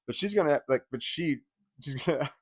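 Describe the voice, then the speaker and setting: A husky, fairly high male voice with lively intonation talks at a moderate pace, with no echo. He's a channel host retelling painful personal history in a meandering, emotional way, cursing and using many fillers.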